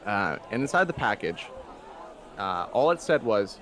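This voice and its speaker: A man's voice: lowish voice, big pitch swings, normal speed, fairly bright tone, a little hiss or hum. A man playing a tabletop game, speaking in a hesitant, filler-heavy way. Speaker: player. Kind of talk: tabletop game role-play.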